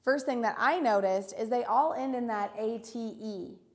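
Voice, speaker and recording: A woman teaching an online reading lesson for young children, encouraging and repeating each word slowly. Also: a little high.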